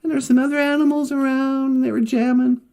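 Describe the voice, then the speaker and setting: A woman's voice: high-pitched, level tone, fast, dark tone. A woman telling a story casually on a livestream, rambling with restarts and laughing along.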